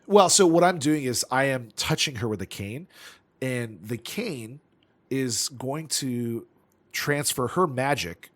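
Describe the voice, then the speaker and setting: A man playing a tabletop role-playing game, describing his moves hesitantly with plenty of likes and kind ofs. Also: mid-range voice. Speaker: player.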